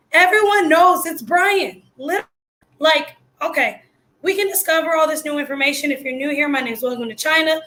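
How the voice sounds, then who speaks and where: A woman hosting her own video channel, reacting to news in blunt, excitable, slangy casual commentary while losing her voice. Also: sits high.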